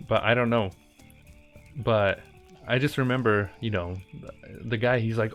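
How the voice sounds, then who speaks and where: A man's voice: medium pitch, steady tone, normal speed, pauses often. A man casually telling a childhood story while playing a video game, rambling and breaking off to react to the game. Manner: rambling, chatty, with laughs and asides to the game. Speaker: gaming channel host. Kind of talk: casual gameplay commentary with storytelling. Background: faint game music.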